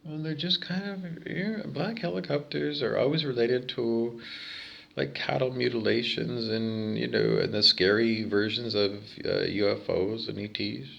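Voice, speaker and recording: A man's voice: medium pitch, unhurried, vocal fry, lo-fi sound. A Canadian man in his fifties with a Canadian accent, talking alone to camera in a rambling, opinionated monologue full of fillers. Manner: digressive, opinionated, with many fillers. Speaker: vlogger.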